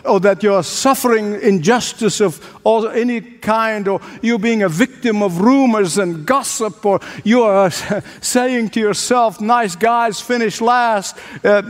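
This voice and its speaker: A man with a high voice delivers a sermon at an unhurried pace, building points through emphatic repetition. His voice rings with a long reverb, as in a church sanctuary. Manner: rhetorical repetition, emphatic preaching cadence. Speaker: pastor.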